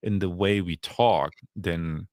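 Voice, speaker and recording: A man's voice: low-pitched, slow, darkish tone, dry recording, clean studio sound. Hesitant man. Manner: hesitant, many restarts. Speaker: panel guest. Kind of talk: casual panel chat.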